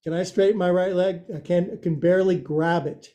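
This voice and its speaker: Playful, soft-toned yoga teacher man. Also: high voice, steady tone, fairly quick. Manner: playful, jokey instruction with silly sound effects. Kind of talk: guiding a yoga class.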